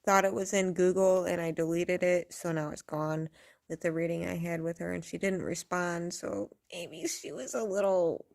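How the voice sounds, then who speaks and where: A woman's voice: lowish voice, moderate pace, vocal fry, a little mellow. A woman vlogger ranting casually to camera, blunt and profane, rambling and laughing often.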